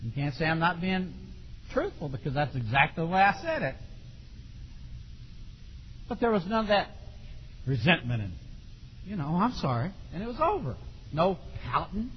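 A middle-aged man preaching a sermon in a folksy, animated way, with sudden shouts. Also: a little high, normal speed, pauses often, slight background noise. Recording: dull lo-fi recording in a long-reverb hall.

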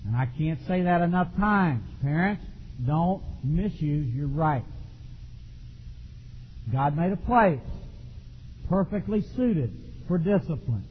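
A middle-aged man preaching a sermon in a folksy, animated way, with sudden shouts. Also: fairly high pitch, takes it slowly, long pauses, slight background noise. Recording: dull lo-fi recording in a long-reverb hall.

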